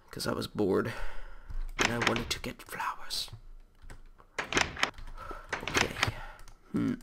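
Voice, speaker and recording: A man's voice: medium pitch, steady tone, slow, gravelly, long pauses, very noisy. A man with a cold and a nasal voice, rambling casually as he hosts gameplay commentary. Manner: rambling, chatty, easygoing. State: sick with a cold. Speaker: host.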